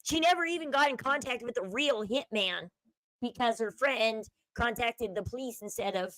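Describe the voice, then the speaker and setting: High-voiced chatty woman telling a crime story. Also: moderate pace, fairly bright tone, dry recording, low-quality recording. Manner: chatty storyteller, acts out quotes, euphemisms like schmurdered. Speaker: commentary channel host. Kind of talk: casual true-crime retelling.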